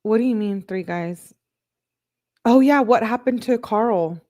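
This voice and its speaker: In an unhurried, slightly high voice, a true crime channel host reads out text messages flatly and casually. She keeps interrupting herself with puzzled asides.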